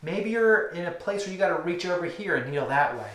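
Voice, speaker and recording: A man with a slightly raised pitch teaching a hands-on technique, pacing his speech in slow, rhythmic repetitions that sink to near-whispers. He explains patiently in an instructional demonstration style. The sound carries a noticeable room echo. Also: expressive, a bit bright. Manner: rhythmic, drawn-out emphasis, drops to near-whispers on repeated words. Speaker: acupuncture teacher.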